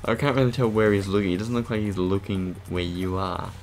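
A man casually commenting on gameplay in a relaxed, joking way. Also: lowish voice, fairly quick, soft background music. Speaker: game co-developer commenting.

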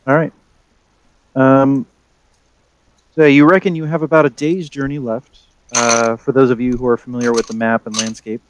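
A man's voice: medium pitch, flat delivery, normal speed, pauses often, smooth, low-quality recording. Hesitant man running a tabletop game. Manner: hesitant, many ums and uhs. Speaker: game master.

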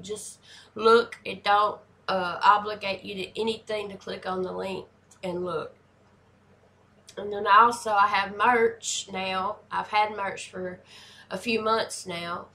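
A woman in her forties hosting a reaction video, chatting casually and hyping things up with excitable energy. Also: medium pitch, a little hiss or hum. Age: 40s.

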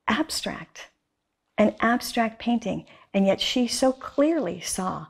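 Emphatic woman guest telling a story. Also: mid-range voice. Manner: enthusiastic, emphatic, with repeated phrases. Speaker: guest artist. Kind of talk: interview storytelling.

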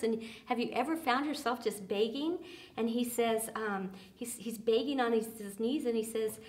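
A woman's voice: on the high side, moderate pace. Earnest woman teaching a church group. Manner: earnest, many fillers, drops soft and quiet for emphasis. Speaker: small group leader.

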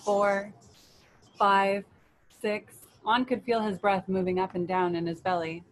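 A woman leading a children's story and meditation, reading aloud in a gentle, soothing way. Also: fairly low pitch, fairly quick, poor audio.

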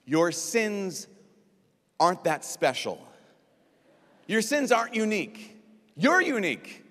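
A priest giving a lively, joking talk at a youth conference, acting out quick voices as he goes. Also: high voice. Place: large conference hall. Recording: long reverb of a large hall.

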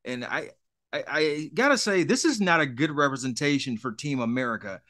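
Bright-voiced laid-back podcast guy. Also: on the high side, expressive, moderate pace. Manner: laid-back, rambling, stammers through restarts. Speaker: podcast co-host. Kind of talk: casual wrestling recap chat.

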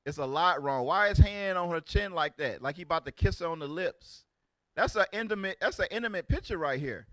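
A man in his forties, a religious teacher giving loud, exclamatory preaching commentary in casual street talk. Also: sits high, lively intonation, fairly quick, dry recording. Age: 40s. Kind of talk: animated preaching commentary on videos.

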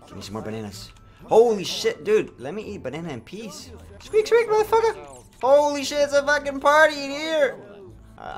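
Young male let's-play host: crude, jokey, very lively pitch, soft music under him. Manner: crude, excitable, jumps between mutters and high squeals. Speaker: gameplay streamer. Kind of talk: comedic let's play commentary.

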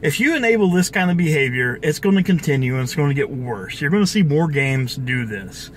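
Angry young man, gaming vlog rant, slightly high voice, swearing, faint background hiss. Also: lively intonation, brisk. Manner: angry, profane ranting with repeated restarts. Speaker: gaming channel host. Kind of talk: ranting video commentary.

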